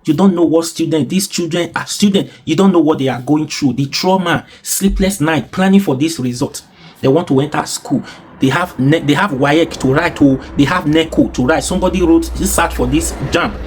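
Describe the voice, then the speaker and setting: A man's voice: a little high, normal speed, a little hiss or hum. A young Nigerian man with a Nigerian accent giving an indignant, repetitive rant as a commentary vlogger. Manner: indignant, repeats himself for emphasis. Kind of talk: ranting social commentary.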